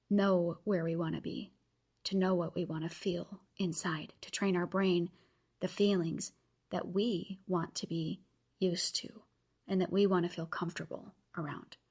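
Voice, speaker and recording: Her voice is on the low side, a little mellow and slightly rough. A woman in her thirties, she hosts a motivational podcast, earnestly encouraging her listeners directly as she gives them a challenge.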